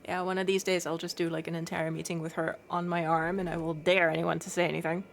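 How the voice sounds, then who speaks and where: A woman's voice: on the low side, flat delivery, quick pace, vocal fry, a little hiss or hum. Chatty, giggly woman streamer. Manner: chatty and giggly, baby-talking to her cat. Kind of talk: casual chat with stream chat.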